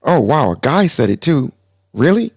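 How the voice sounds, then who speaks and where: A man's voice: on the high side, sing-song, moderate pace, husky, no echo. A man hosting a live audio debate room, brash and joking, often stammering and repeating his words. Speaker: host.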